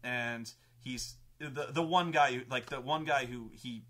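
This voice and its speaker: A man, host and game master, telling a tabletop campaign story in an excitable, profane way with many restarts. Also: mid-range voice, a little slow.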